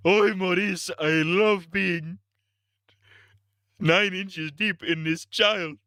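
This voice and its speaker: A man voicing a pompous male cartoon lemur king with a slow, showy put-on accent. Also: high voice, fairly even intonation, pushed and bright, no echo, studio quality, voice pushed up, exaggerated voice. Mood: lewd boast.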